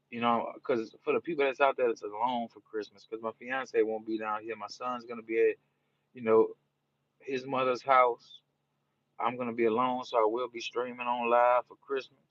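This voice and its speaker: A man's voice: mid-range voice, a bit bright, dry recording, highs cut off. A man from New Orleans with a New Orleans accent, chatting casually and rambling with viewers on a live stream. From New Orleans, Louisiana. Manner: laid-back, rambling, peppered with "you know". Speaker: livestreamer.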